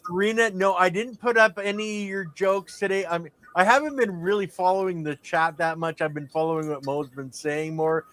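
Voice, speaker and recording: A laid-back man hosts a casual livestream chat. His voice sits a little high for a man, and he talks in loose, friendly bursts. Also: fairly even intonation, brisk, few pauses, a bit bright. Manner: laid-back, chatty, thanks guests and plugs the channel. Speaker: host.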